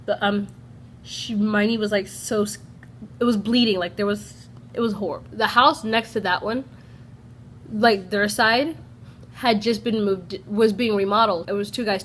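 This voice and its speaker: A woman's voice: medium pitch, a little fast, a bit bright, a little hiss or hum. A young American woman chatting through a personal story on her vlog, peppering her talk with "like" and acting out what people said. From United States. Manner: chatty, fills speech with "like", acts out quoted people. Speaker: vlogger. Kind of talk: casual storytime.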